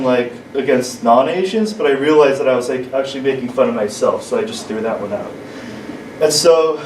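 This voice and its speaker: Open-mic male comic, stammering restarts, slightly high voice; recorded from far off in a roomy little club. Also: a little mellow. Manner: halting, stumbling delivery with many restarts. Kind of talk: stand-up comedy set. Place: small comedy club, indoors. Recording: echoey club, distant mic, room noise.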